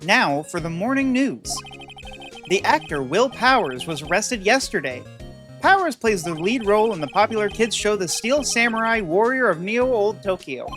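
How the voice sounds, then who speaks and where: A woman voicing a formal TV news anchor, reading in a measured, even newsreader delivery. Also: mid-range voice, faint music behind, natural voice.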